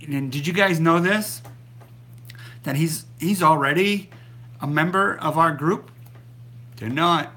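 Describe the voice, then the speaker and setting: A man's voice: fairly high pitch, measured pace, pauses often, sharp tone. A middle-aged man hosting a casual live stream about the keto diet, rambling along with many ums and restarts. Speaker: keto diet channel host.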